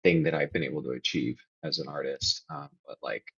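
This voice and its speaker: A man opens up as a podcast guest, reflective and earnest with occasional emphatic bursts, in a candid confessional exchange. His bass voice is husky and a bit bright, with vocal fry, a steady tone, and a brisk pace. The audio is dull.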